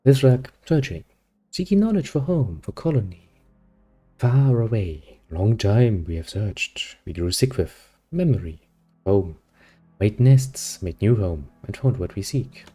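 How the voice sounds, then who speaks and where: A man voicing an ancient spider-faced alien creature that speaks in slow, broken phrases while he reads game dialogue aloud. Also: on the low side, lively intonation, dark tone, husky, faint music behind. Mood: earnest. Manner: halting broken speech, slow and strange.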